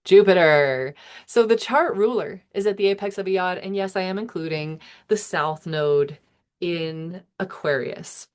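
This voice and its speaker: A woman's voice: lowish voice, steady tone, normal speed. A woman in her thirties, an astrologer musing aloud in a meandering, self-interrupting way with chuckles. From United States. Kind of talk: casual musing monologue.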